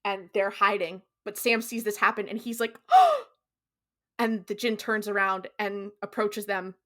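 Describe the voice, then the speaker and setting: A woman co-hosting a casual podcast and recapping an episode scene by scene. Her voice is bright and ringing, and her pitch sits in the middle of the usual range. She talks in a loose, animated way, full of "like" fillers and quick switches into quoted lines. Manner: animated storyteller, slips into quoted character voices; frequent "like" fillers, casual swearing. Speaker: podcast co-host.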